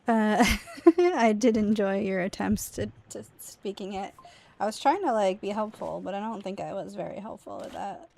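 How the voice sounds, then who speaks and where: A woman's voice: mid-range voice, expressive, moderate pace, creaky, dark tone. A woman from the United States casually chatting while streaming a game, explaining words to her chat at an easy pace. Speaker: streamer and mother.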